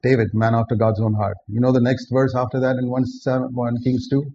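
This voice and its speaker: Male preacher, gravelly, earnest and direct, faint noise behind. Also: mid-range voice, little pitch movement, brisk, warm tone. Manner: earnest, direct, addresses listeners with questions. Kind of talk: sermon. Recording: dull lo-fi recording with faint background noise.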